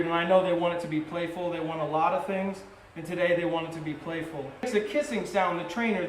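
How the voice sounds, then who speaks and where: A man giving a live poetry reading at a coffee shop and bar, speaking in measured, short phrases that sometimes build in intensity. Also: high-pitched, a little hiss or hum. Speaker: poet reading his work. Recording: roomy live venue recording.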